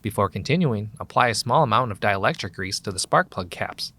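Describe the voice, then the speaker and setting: Low-voiced man narrating service steps. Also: fairly quick. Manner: calm, even, instructional delivery. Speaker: instructional voice-over narrator. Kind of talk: scripted narration.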